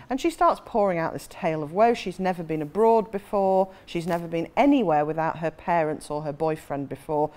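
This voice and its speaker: A woman's voice: lowish voice, lively intonation, moderate pace, a little mellow. A woman in her forties, an author, telling a self-mocking anecdote with frequent laughter. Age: 40s. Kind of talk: anecdotal storytelling.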